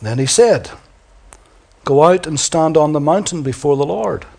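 A man preaching a sermon, reading scripture dramatically and swinging from booming declarations to hushed near-whispers. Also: animated, a little slow, gravelly. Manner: reads scripture aloud dramatically.

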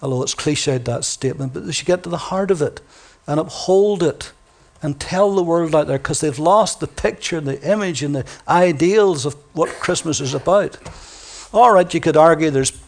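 Emphatic preacher man, fairly high voice. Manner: emphatic, slows down to stress key words; reads scripture quietly and softly. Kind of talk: sermon.

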